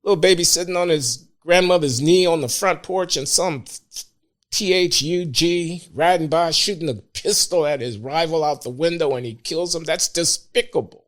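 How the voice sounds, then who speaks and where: Measured, emphatic older man guest. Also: fairly high pitch. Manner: measured, emphatic, hesitant uhs. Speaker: podcast guest. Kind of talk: opinionated talk.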